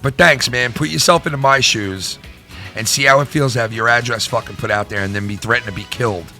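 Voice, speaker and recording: A man's voice: medium pitch, fairly quick, sharp tone, faint music behind. A middle-aged man hosting his own channel, ranting in a heated, profane way and repeating himself. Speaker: YouTube channel host. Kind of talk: vlog rant to viewers.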